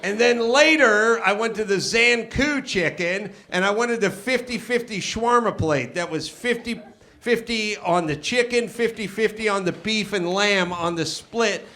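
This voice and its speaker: A man's voice: sits high, pushed and bright. A middle-aged man hosting a live comedy podcast from a club stage, telling profane, ranting stories and acting out both sides of the dialogue. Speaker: host.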